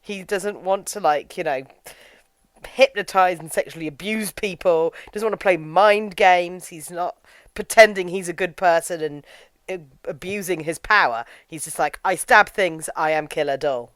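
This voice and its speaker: A woman's voice: lowish voice, moderate pace, no room sound. A young woman chatting enthusiastically in a casual film review, full of "like" fillers.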